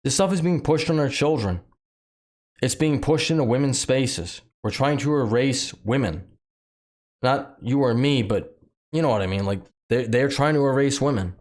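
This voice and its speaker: A man's voice: mid-range voice, moderate pace, darkish tone. A man with a slight lisp hosting his own channel, giving heated, repetitive commentary full of fillers and restarts. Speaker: channel host commenting on news. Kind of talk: casual ranting commentary.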